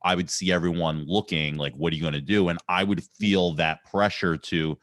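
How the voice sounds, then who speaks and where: A man's voice: low-pitched, fairly even intonation, a little fast, fairly bright tone, dry recording, clean studio sound. A man hosting a podcast, chatting casually in long, rambling sentences. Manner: rambling, loose phrasing. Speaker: podcast host. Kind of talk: casual chat.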